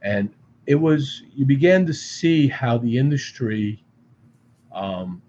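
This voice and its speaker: A man from the Boston area, a podcast guest telling a long story in an animated, profane way with frequent restarts. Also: mid-range voice, slow, dull audio, slight background noise. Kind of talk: casual storytelling. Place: studio.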